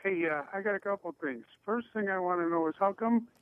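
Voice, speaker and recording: A man's voice: high voice, a little fast, no room sound. A man calling in to a sports radio show and chatting in a joking way. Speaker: caller. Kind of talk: call-in radio chat. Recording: tinny phone line.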